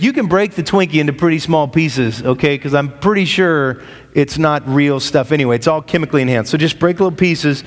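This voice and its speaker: A man preaching a sermon, walking through verses in a conversational way with joking asides. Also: fairly high pitch. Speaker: pastor. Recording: long reverb of a large hall.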